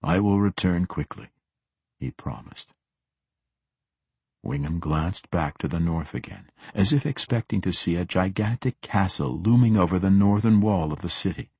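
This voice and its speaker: A man narrating a fantasy novel audiobook in a steady, descriptive reading. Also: low-pitched, moderate pace, slightly rough, dry recording. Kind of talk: scripted narration.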